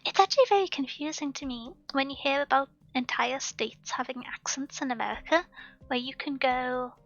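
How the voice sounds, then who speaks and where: A woman's voice: high voice, normal speed, fairly bright tone. A woman streamer from Wales with a near-standard British accent and a Welsh lilt, musing aloud in casual stream chat. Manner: musing, thoughtful, talks with many asides. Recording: dull lo-fi stream audio with faint music.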